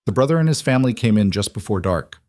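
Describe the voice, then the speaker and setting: A man narrating a romance audiobook in a measured, even storytelling manner. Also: on the low side, no echo, studio quality.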